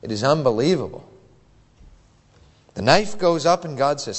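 A man's voice: mid-range voice, expressive, moderate pace, pauses often, long reverb tail. A male pastor preaching an earnest, emphatic sermon that is full of rhetorical questions.

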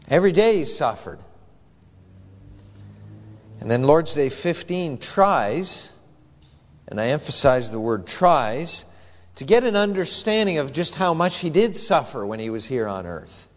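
A man's voice: fairly high pitch, long reverb tail. A male pastor preaching an earnest, emphatic sermon that is full of rhetorical questions.

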